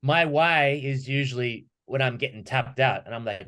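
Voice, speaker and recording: A man guesting on a podcast, talking lively and acting out questions and quotes as he tells stories about training. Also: mid-range voice, normal speed. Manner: animated storyteller who acts out quoted questions. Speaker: podcast guest, martial arts instructor. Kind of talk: conversational podcast talk.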